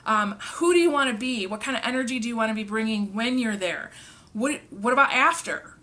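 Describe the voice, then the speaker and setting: A woman's voice: fairly high pitch, brisk, bright, forceful tone. A middle-aged woman, a communication coach, giving an earnest instructional talk and often checking in with "okay?". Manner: earnest, emphatic, frequent "okay?" check-ins.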